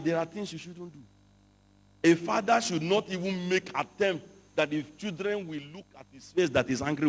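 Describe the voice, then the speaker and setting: A man preaches in a large hall, his voice bright and high and a little husky. Long reverb hangs behind him. He tells stories and builds to shouted emphasis. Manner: storytelling, rising to shouted emphasis. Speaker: pastor. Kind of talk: sermon to pastors.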